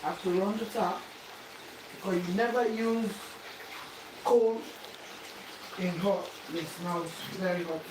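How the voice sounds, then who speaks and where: A home cook gives a cooking demonstration in her kitchen, walking the viewer through each step and repeating her instructions again and again. Her voice is lowish and a little slow, with frequent pauses. The kitchen is echoey, and frying can be heard.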